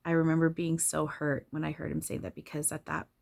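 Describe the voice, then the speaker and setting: A woman's voice: low-pitched, little pitch movement, brisk, creaky, darkish tone. A woman channeler talking casually and candidly about spirituality, swearing freely and laughing often.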